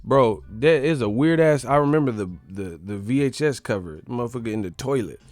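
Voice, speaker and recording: A man's voice: medium pitch, expressive, brisk, a little mellow, dry recording. Profane joking man riffing on boxing. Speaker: boxing commentary host. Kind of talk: casual chat.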